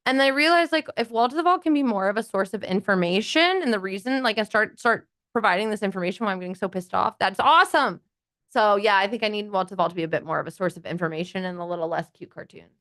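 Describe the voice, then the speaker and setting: A woman talking as a podcast guest in casual chat, animated and chatty, full of fillers and acted-out quotes. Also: medium pitch, fast, no room sound, clean studio sound.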